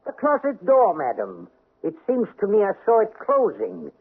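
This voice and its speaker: A man playing a suspicious, blustering aristocratic husband in a radio drama, with a raspy voice and a theatrical, demanding manner. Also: sits high, huge pitch swings, normal speed, full character voice. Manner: theatrical, demanding, sharp questions. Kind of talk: 1970s-80s radio drama acting. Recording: tinny old radio broadcast.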